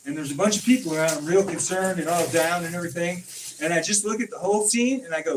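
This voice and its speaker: A man telling stories in a casual chat, acting out quoted dialogue with animated swings in his delivery. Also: high-pitched, fast. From California. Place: informal home conversation. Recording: distant mic with faint noise.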